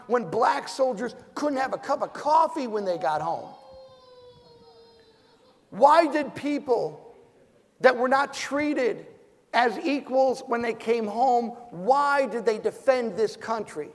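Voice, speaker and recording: Fiery high-voiced man in a hall. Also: lively intonation, takes it slowly. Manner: fiery, rhetorical questions, loud bursts. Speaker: Medal of Honor recipient panelist. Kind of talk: impassioned forum speech. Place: large event hall. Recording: hall reverb.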